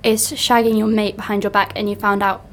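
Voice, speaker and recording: A woman chatting casually on a podcast, animated and laughing often, with crude banter. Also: medium pitch, fairly quick, a little hiss or hum. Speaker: podcast co-host. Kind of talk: casual chat.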